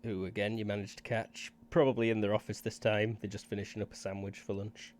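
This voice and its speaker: A man's voice: on the low side, flat delivery, fast talker, a little hiss or hum. A man narrating a tabletop game as game master in a casual, offhand way.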